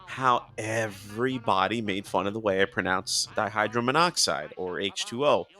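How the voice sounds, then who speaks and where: A man with a New Jersey accent, an animated and enthusiastic guest in a casual chat. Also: lowish voice, moderate pace. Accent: New Jersey / New York area. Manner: animated, enthusiastic, laughs easily.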